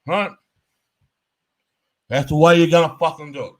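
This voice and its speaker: Male commentator, fairly high voice, blunt profane ranting delivery. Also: fairly even intonation, normal speed. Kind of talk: heated commentary rant.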